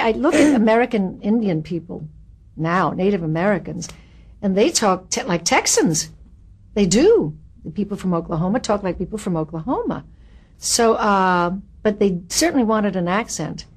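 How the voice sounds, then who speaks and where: A woman's voice: medium pitch, normal speed, husky. Candid older woman reminiscing. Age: 70s. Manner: candid and wry, with lively asides. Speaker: actress interviewed about her career. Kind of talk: reminiscing interview.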